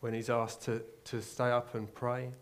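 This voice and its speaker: At normal speed and with little movement in his middle-pitched voice, an English man gives a sermon in an unadorned, conversational way. He narrates the story as he goes, often starting phrases over and pushing the audience with rhetorical questions.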